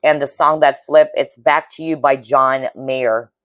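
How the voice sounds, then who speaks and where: Woman, low-pitched, earnest empathic tarot reader, dry close recording. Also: steady tone, measured pace, a bit bright, dry recording. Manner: earnest, intuitive, frequent "okay?" check-ins; emotionally moved, empathic. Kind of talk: pick-a-card tarot reading.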